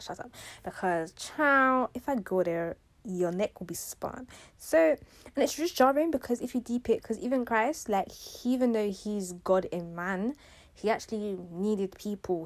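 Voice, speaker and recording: Chatty young woman podcasting. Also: medium pitch. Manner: animated, chatty, slangy and emphatic. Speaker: podcast host. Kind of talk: casual faith-based self-care talk.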